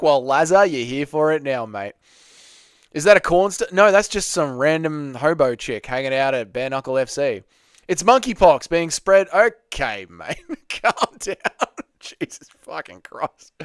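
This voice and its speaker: A young man hosts a casual live stream and chats loosely with his viewers. His voice is clear and smooth, with a lively, swinging pitch. The sound is dry and close to the microphone. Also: no room sound. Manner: chatty, reads chat aloud, banters with viewers.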